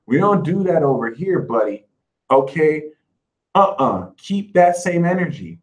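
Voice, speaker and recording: A man with a fairly high voice hosts an astrology reading in a spiritual advice monologue. His delivery is sassy and emphatic, and he keeps breaking into mocking put-on voices to brush off imagined critics. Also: low-quality recording. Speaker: astrology reader.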